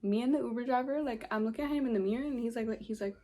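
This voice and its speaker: A woman's voice: on the high side, racing, warm tone. A young woman telling a story casually, exasperated, swearing a lot and saying "like" constantly. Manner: profane, filler-heavy, exasperated. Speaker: vlogger.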